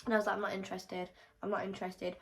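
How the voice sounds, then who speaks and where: A young woman races through a storytime vlog, medium-pitched with vocal fry, swearing freely and animatedly acting out the quotes. The audio quality is poor.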